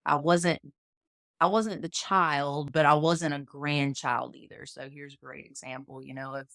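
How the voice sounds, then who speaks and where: A woman's voice: low-pitched, a little slow, gravelly, no room sound, studio quality. A woman, telling folksy family stories as a podcast guest and acting out the people she quotes. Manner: folksy, animated storytelling, acts out quoted voices. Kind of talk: storytelling interview.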